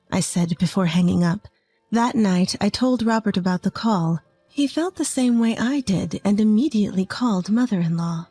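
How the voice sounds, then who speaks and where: A woman's voice: mid-range voice, normal speed, dark tone, dry recording, soft background music. A woman in her twenties from rural Texas, telling a first-person story in an earnest, plain way. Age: 20s. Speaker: narrator.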